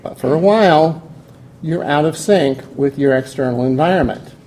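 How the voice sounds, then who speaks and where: A man, lecturing a class and stopping now and then to put questions to the room. His voice sits a little high. Faint room hum runs underneath. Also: normal speed, a little mellow. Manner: explanatory, asks the class questions.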